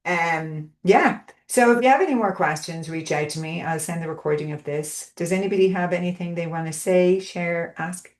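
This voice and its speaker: Low-voiced chatty woman coaching a group. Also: moderate pace, few pauses, reverberant. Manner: chatty, rambling, full of fillers and check-ins. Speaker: wellness coach hosting a group call. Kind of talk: casual group coaching call.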